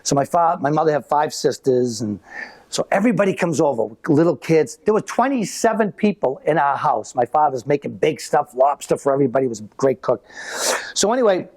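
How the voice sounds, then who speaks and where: A man's voice: on the high side, animated, a little fast, a little mellow. A man in his sixties doing live stand-up, rambling through stories and checking in with the audience. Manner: rambling, repeats himself, asks the audience. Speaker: stand-up comedian.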